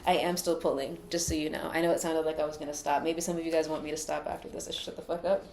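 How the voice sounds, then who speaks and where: A woman's voice: sits low, flat delivery, rapid-fire, vocal fry, a little mellow, echoey room, slight background noise. A woman giving a casual tarot reading, chatty, loose and full of profanity. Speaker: tarot card reader.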